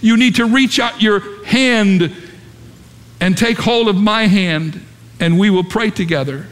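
A preacher voicing an earnest pleading vicar. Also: male voice, high voice, measured pace, voice pushed up. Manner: pleading, insistent.

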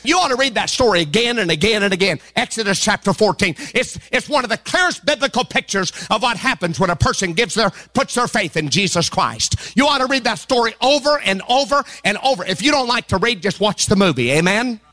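Pastor guy preaching, high voice, sing-songy, shouts the big lines, jokes w the crowd. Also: animated, fast talker, few pauses. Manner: preaches with rising, sing-song emphasis and shouts; acts out quoted voices with humor. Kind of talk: sermon.

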